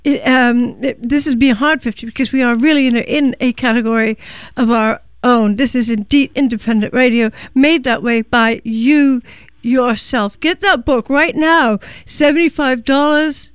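A woman hosts a community radio show, moving between an interview and a membership pitch. Her voice is slightly high, smooth and clear, and it is close and dry on a studio microphone. She talks haltingly, with frequent fillers and pauses. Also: no echo.

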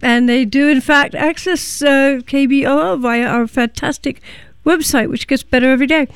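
A woman hosting a community radio show, interviewing a guest and pitching a membership drive, speaking haltingly with many fillers and pauses. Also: steady tone, no room sound.

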